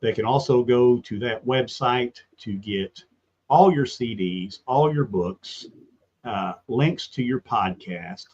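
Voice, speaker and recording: Older male co-host, relaxed and halting, on slightly muffled audio. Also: medium pitch, slightly rough. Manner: easygoing, halting with fillers. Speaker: podcast co-host. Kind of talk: casual interview chat.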